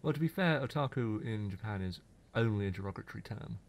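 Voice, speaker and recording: Lively young man teasing on a podcast. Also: lowish voice, fast. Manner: animated, teasing, knowledgeable about games. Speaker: podcast co-host. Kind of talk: casual chat.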